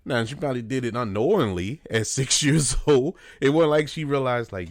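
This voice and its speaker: An earnest New Orleans radio host talks at a moderate pace in a mid-range voice, recorded dry in a studio with no room sound. His commentary is casual and conversational, peppered with fillers.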